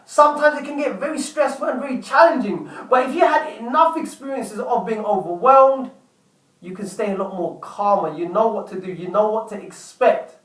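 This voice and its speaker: Giving a self-help talk, a man earnestly tells a personal story, often restating and rephrasing his points. His voice sits high and a bit bright at a moderate pace. He's recorded from a distance in an echoey room.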